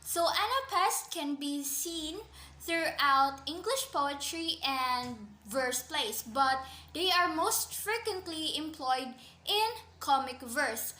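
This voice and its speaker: A woman giving a class presentation, reading out definitions in a measured way. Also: high-pitched, sharp tone, roomy sound, slight background noise. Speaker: student presenter.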